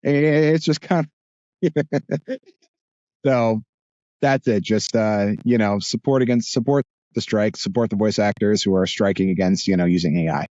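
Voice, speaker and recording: Man, new jersey accent, dark mellow voice, dry muffled sound, rambling podcast guest. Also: on the low side, moderate pace, dry recording. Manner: animated, rambling with restarts. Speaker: voice actor guest. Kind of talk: casual podcast interview.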